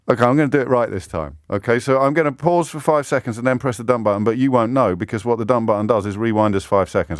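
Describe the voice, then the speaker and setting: Playful radio host, dry studio sound. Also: male voice, medium pitch, fast, no room sound. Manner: playful, self-mocking, rambling. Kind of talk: casual radio chat. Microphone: studio microphone.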